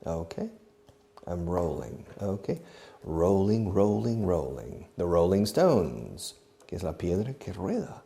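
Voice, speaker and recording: Male english teacher, slow and deliberate, dark gravelly voice, acts out verbs and spells stuff. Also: lowish voice. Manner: acts out each verb, spells words, repeats phrases; switches into Spanish to explain. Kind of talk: slow demonstrative language lesson.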